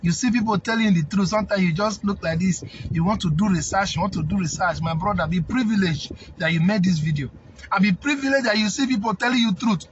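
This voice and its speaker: A man's voice: sits high, fast, lo-fi sound, slight background noise. A man with a Nigerian accent, a snail farming consultant, giving a defiant, preachy rant that repeats phrases for emphasis. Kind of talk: impassioned rant to camera.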